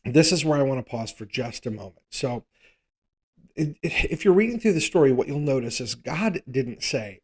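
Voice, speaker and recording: A man's voice: medium pitch, expressive, normal speed, a little mellow, slightly rough. A man teaching a live Bible study, conversational and thinking aloud, often checking in with rhetorical questions.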